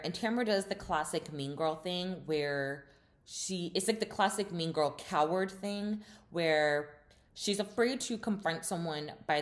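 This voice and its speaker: Low-voiced sassy woman recapping TV. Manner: chatty, filler-heavy, sassy asides. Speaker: reality TV recap host. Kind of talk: casual opinionated recap commentary.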